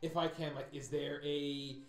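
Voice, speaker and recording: A man's voice: on the high side, little pitch movement, moderate pace, gravelly. A man playing a tabletop game, asking the game master questions and rambling as he thinks aloud. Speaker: player. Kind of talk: casual tabletop play. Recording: echoey room.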